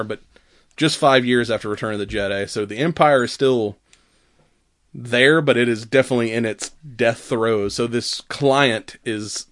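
A man's voice: mid-range voice, dry recording. Man, casual podcast chat, laughs a lot, dry close sound. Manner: animated, laughs often, acts out quotes. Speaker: podcast co-host.

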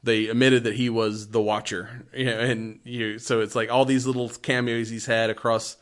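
A man's voice: mid-range voice, level tone, normal speed. A man co-hosting a casual podcast about films. He retells scenes with lots of energy and laughs often as he goes. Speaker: podcast co-host. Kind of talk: casual movie review chat.

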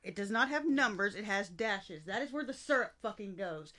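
Woman cohosting a podcast, blunt and sweary, mid-pitched voice. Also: animated, moderate pace, sharp tone. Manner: blunt, emphatic, swears a lot. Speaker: podcast co-host. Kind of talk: casual chat.

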